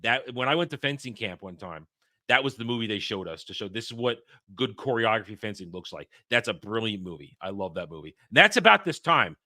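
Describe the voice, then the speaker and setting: A man's voice: on the low side, lively intonation, fairly quick, pushed and bright, no echo, clean studio sound. A man hosting a casual film review chat, opinionated and emphatic as he rants. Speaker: podcast host reviewing a film.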